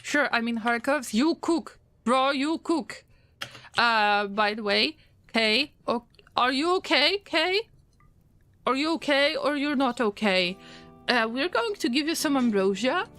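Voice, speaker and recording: A woman streamer giving gameplay commentary, fretting out loud and talking straight to her colonists as if they could hear her. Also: sits high, lively intonation, unhurried, dry recording, soft background music. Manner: frets aloud and talks to her colonists. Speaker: game streamer.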